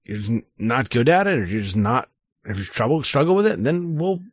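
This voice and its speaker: A man's voice: mid-range voice, a little fast, no room sound, clean studio sound. A middle-aged man chatting casually as a podcast co-host, telling stories and acting out family dialogue. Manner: animated storytelling, acts out family dialogue. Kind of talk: casual chat.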